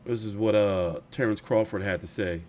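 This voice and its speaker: A man's voice: on the low side, normal speed, a little mellow. A man hosting casual boxing commentary, rambling and opinionated, often profane.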